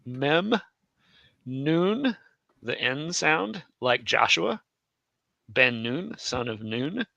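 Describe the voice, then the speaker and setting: Slow, bright-voiced male teacher. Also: medium pitch, sing-song, creaky, no room sound, dull audio. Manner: chatty, self-correcting, laughs easily. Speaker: Hebrew class co-teacher. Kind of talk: live classroom lesson.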